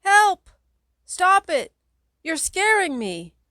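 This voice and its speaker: A woman's voice: a little high, expressive, moderate pace, a bit bright, no room sound, studio quality, voice pushed up. A woman voicing a scared little girl who whines, pleads and shrieks in a storybook reading. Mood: screaming.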